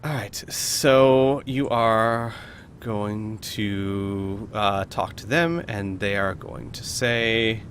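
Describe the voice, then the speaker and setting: A man's voice: fairly low pitch, extremely slow, fairly bright tone, slight background noise. A man narrating as game master of a tabletop game, talking casually with frequent hesitations. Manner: casual, hesitant with many fillers.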